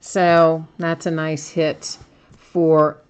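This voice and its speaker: Chatty low-voiced woman hosting a card break. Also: flat delivery, very slow, clear, resonant tone. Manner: chatty, laughs often, reads out cards and chat. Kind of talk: live stream card break commentary.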